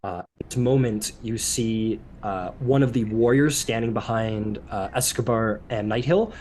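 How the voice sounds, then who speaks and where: A man running a tabletop game as game master, narrating loosely with many fillers and breaking into shouted character lines. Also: fairly low pitch, measured pace, slight background noise. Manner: loose, filler-heavy narration with sudden shouted NPC outbursts.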